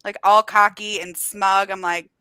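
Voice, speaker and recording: Bright-voiced woman telling lively stories. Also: medium pitch, unhurried, clear, resonant tone, dry recording. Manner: lively storyteller, acts out customers. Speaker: booktuber guest. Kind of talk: casual chat on a live stream. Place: home, on a video call. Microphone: video call.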